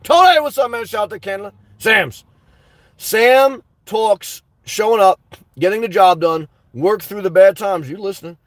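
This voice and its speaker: Earnest rambling man, fairly high voice. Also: normal speed, dry recording. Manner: rambling, earnest, repeats words; addresses viewers as guys and man. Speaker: channel host reading live chat. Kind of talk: livestream chat.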